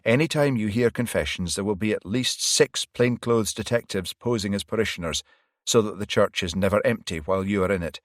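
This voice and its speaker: A man as a calm police detective. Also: on the low side, a little fast, dry recording, clean studio sound, natural voice. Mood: steady. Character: steady male police detective.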